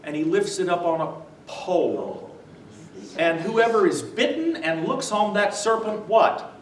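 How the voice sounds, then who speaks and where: A visiting New Testament lecturer, a man with a high voice and big pitch swings, speaks slowly at a church adult-education session before a live audience. He quizzes listeners with "what?" prompts and chuckles while telling stories. He's recorded from far off in an echoey meeting room, with faint noise.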